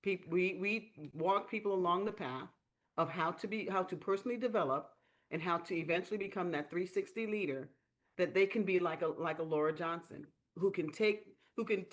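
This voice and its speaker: A woman hosting a live-stream business training, telling stories in a lively way and acting out the quotes. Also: fairly low pitch, normal speed. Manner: lively storyteller, acts out quotes. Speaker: sales training host.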